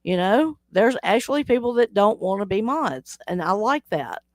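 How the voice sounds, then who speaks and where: A woman's voice: medium pitch, expressive, moderate pace, dry recording, clean studio sound. A woman hosting a casual live stream, chatting with viewers, teasing them and laughing often as she reads the chat aloud. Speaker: livestream host.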